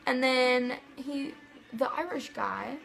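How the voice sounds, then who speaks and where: A young woman from Missouri recounts a story straight to camera in a casual vlog. Her voice sits a little high and has a lot of fry. She rambles excitably and leans on "like" and "um". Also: slow, faint music behind, rough recording. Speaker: vlogger.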